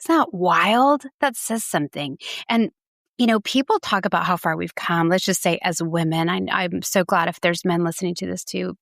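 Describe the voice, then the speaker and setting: Middle-aged woman guest, animated storyteller, quick laughs, dry close sound. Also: lowish voice, vocal fry, dry recording. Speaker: registered dietitian guest. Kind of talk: podcast interview conversation.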